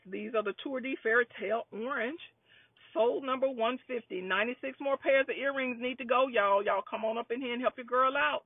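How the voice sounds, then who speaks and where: A woman's voice: fairly high pitch, a little hiss or hum. A woman running a live jewelry sales stream, chatty and upbeat, calling out lot numbers over and over. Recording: dry, phone-like lo-fi sound.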